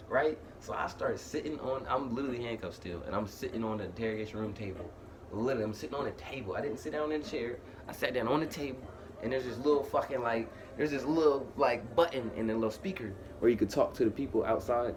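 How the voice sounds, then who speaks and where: A young man tells a wild true story in loose, slangy casual talk, leaning on the same fillers over and over. When he quotes himself, his voice climbs much higher and gets louder and slower. A faint hiss of noise sits behind him. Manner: animated, slangy, heavy repeated fillers.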